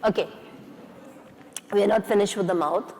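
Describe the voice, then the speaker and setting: At a conference, a woman guides an audience through face yoga exercises, playful and coaxing as she gives instructions. Her voice is medium-pitched and darkish, at a moderate pace, and the reverberant hall carries slight background noise.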